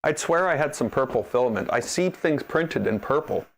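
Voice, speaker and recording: A man hosting a maker livestream, chatting casually and telling stories with an animated, ranting manner. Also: medium pitch, moderate pace, vocal fry.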